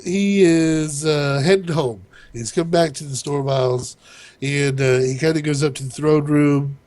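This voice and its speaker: A man's voice: a little high, a little mellow, dry recording. A man talking casually as a show host, loosely retelling a TV episode in his own words, rambling and laughing along the way. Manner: rambling recap with laughs, quoting characters loosely. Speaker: podcast co-host recapping TV. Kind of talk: casual chat.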